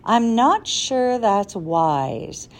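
A woman voicing a kindly, cautious older male professor, speaking in a measured, earnest way. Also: on the high side, very animated, heavily acted. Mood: grave.

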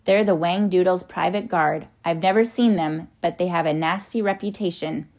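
A woman voicing a calm, grave old male professor in a measured way. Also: fairly low pitch, close to an everyday voice. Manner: measured and grim.

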